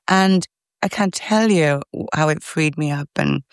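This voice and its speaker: A Welsh woman actor answering an interview question, talking fast with lively energy. The recording is dry and close. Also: low voice, gravelly, dry recording.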